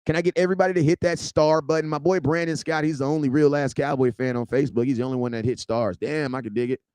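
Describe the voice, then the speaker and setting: A man hosting a sports vlog, ranting casually in a slangy, joking, animated way. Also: fairly high pitch, fast, smooth, no echo. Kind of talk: casual unscripted rant.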